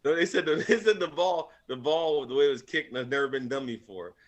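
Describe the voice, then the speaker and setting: A man telling stories in casual chat, acting out other people and swearing freely. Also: brisk. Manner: animated storyteller, acts out others in high squeaky voices, swears freely. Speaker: podcast panelist.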